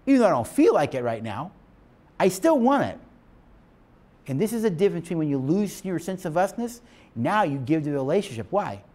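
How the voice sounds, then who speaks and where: A man teaching a class of couples in an emphatic, preacher-like manner, stopping to check that his listeners follow. His voice sits fairly high for a man and swings widely in pitch. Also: sing-song, brisk, darkish tone. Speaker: marriage teacher. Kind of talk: lecture to couples.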